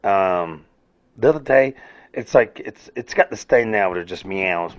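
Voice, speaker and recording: A man's voice: low-pitched, measured pace. A man hosting a casual solo rant, rambling and swearing freely, laughing at himself. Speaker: podcast host.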